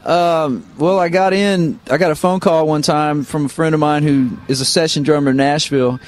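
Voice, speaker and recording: In a radio studio, a relaxed guest guitarist from Missouri, United States, shares rambling, filler-heavy anecdotes during a casual interview. His voice is fairly high and his pace moderate.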